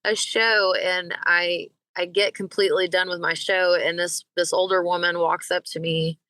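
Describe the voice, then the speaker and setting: A woman, a singer and podcast guest, telling stories in a casual, animated way and acting out the people she quotes. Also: fairly low pitch, normal speed, no room sound, poor audio. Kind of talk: casual storytelling in an interview.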